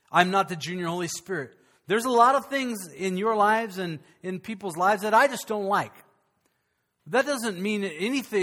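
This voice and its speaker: A man, a pastor, preaching to his congregation in a conversational way, with humor and dramatic pauses. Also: sits high, pushed and bright. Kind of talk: sermon. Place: church sanctuary before a congregation.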